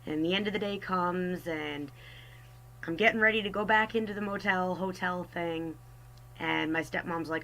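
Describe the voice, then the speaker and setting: A woman's voice: lowish voice, moderate pace, a bit bright, a little hiss or hum, low-quality recording. A young woman telling a personal story in a casual, chatty way, wry and self-mocking. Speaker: artist storyteller.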